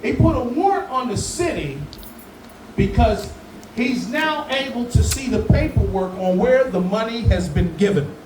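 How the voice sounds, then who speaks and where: A man hosting a live community event, talking casually to the crowd in a profane, joking, animated way. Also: very high voice, a little slow. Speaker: event host. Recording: very echoey room, far from mic, audible background noise.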